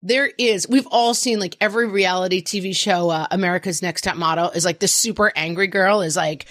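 A middle-aged woman talks through parenting moments in a relaxed, chatty way, often slipping into exaggerated voices to act out quotes. Her voice sits a little low. The sound is dry and close. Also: a little fast, dry recording. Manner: animated, acts out quotes in funny voices. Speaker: podcast co-host. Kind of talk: casual chat.

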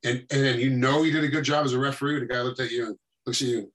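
A man talks quickly in a bright, forceful voice, playing out ringside moments as he tells them. He is a guest and a referee in a casual interview. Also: medium pitch. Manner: animated storytelling that acts out fight scenes. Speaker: guest, MMA referee and former fighter.

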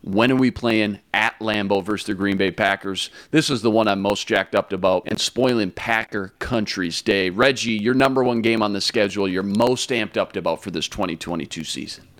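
A man co-hosting a sports talk show, talking with energetic, joking hype. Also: fairly low pitch, moderate pace, few pauses, no room sound, clean studio sound.

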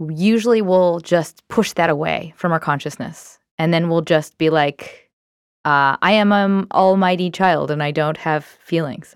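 Low-voiced candid woman, smooth and dry. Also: no echo. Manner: candid, conversational, lots of filler words. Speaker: self-help speaker. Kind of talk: casual advice talk.

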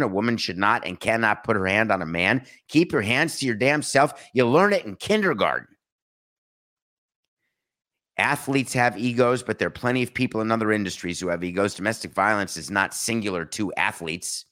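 A man's voice: fairly low pitch, fairly bright tone. A man hosting a sports talk show, delivering an opinionated monologue full of rhetorical questions and sarcasm.

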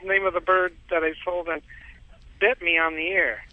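A man's voice: sits high, little pitch movement, moderate pace, dry recording. A man calling in to a radio show, telling a long rambling story with frequent chuckles, heard over a tinny phone line. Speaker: caller.

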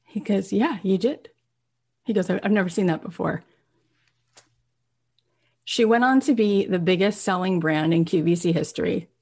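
A woman's voice: medium pitch, normal speed, pauses often, darkish tone, breathy edge. A woman telling an inspiring story as a motivational speaker, acting out the people in it and rising to pleading peaks. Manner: acts out quoted voices, rising and pleading at emotional peaks.

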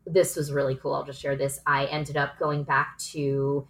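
A woman in her forties with a fairly low voice, talking as an actress and producer in a casual podcast conversation. She tells stories in a chatty, animated way and gets emotional along the way. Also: normal speed.

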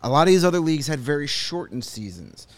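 A man's voice: on the high side, sing-song, fast, dry recording. A man co-hosting a sports podcast, giving opinions and joking in casual chat. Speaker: podcast co-host. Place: studio.

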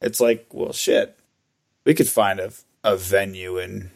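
An American man in a relaxed podcast chat, his voice carrying a gravelly fry. He jokes around and keeps doubling back with fillers and restarts as he talks. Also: low-pitched, a little slow. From United States. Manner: loose and joking, with frequent fillers and restarts. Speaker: podcast co-host. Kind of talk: casual chat.

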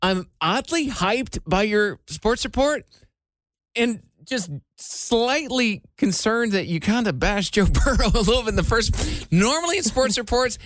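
A man's voice: high-pitched, expressive, unhurried, a bit bright, dry recording, studio quality. A young man hosting a radio show, teasing his co-host and getting easily hyped. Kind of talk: casual radio show banter.

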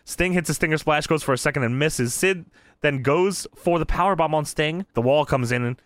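A man's voice: fairly high pitch, brisk, dry recording. A man co-hosting a casual wrestling recap podcast, swearing freely and laughing as he acts out quotes. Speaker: podcast co-host.

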